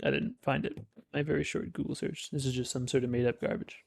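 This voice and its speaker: A man from Western Canada with a Western Canadian accent, giving casual live-stream commentary in a rambling, halting, musing way. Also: medium pitch, steady tone, gravelly. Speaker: streamer reacting to clips.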